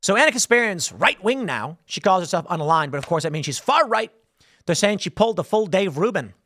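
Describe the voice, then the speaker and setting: A man talks straight into a close mic in a dry room, and his pitch rises and falls all through a sarcastic political monologue. His voice sits a little high for a man, and he keeps shifting into mocking voices as he tells his stories. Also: a little fast, no room sound. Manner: sarcastic, animated storytelling with mocking quoted voices. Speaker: political commentary host. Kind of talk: solo political commentary monologue.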